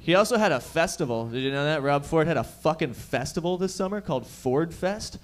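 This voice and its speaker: With a slightly high voice and lively intonation, a young comedian from the Toronto area, Canada, hosts from a comedy lounge stage. He keeps up a stream of quick, profane jokes directed at the crowd.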